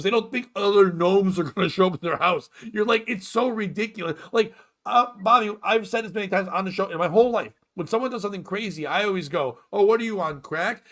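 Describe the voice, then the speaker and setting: A man hosting a morning comedy stream, ranting crudely and mockingly, often laughing. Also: high-pitched. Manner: loud, mocking, quick to laugh. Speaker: podcast host.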